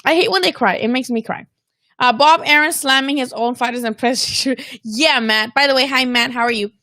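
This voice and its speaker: A woman's voice: high-pitched, moderate pace, sharp tone, no echo, clean studio sound. A woman hosting a casual live-stream about boxing, talking candidly with plenty of swearing and bits of Spanish slang. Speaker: boxing channel host.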